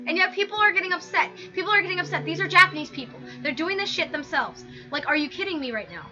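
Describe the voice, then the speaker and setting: A woman hosting a casual commentary video, talking through pictures in an animated, exasperated rant full of "like". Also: very high voice, fast talker, few pauses. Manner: animated, exasperated ranting with frequent "like". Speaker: video host. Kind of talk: casual commentary over images. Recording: dull lo-fi sound with background music.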